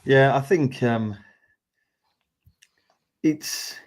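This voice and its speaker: A man's voice: medium pitch, drawn-out words. A man on a football podcast panel, speaking hesitantly with fillers and restarts. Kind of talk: casual football chat.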